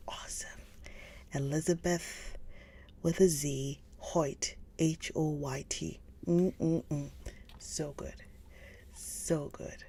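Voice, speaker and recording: A woman hosting a live book stream, chatting casually with viewers, gushing and often slipping into a soft whisper. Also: low-pitched, fairly even intonation, extremely slow, breathy edge. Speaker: livestream book reader host.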